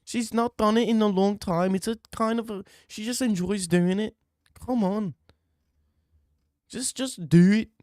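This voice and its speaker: A man doing a pushy high-voiced booth hawker. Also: moderate pace, a little mellow, smooth, no echo, studio quality, close to an everyday voice. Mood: wheedling. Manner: wheedling, coaxing, teasing. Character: pushy male booth hawker coaxing someone in.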